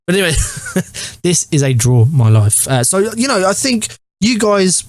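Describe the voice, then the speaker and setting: A man's voice: high voice, sing-song, a little slow, no room sound. An English man in his twenties, a gaming YouTuber telling his life story to camera in a rambling, joking way, swearing constantly. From England. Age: 20s.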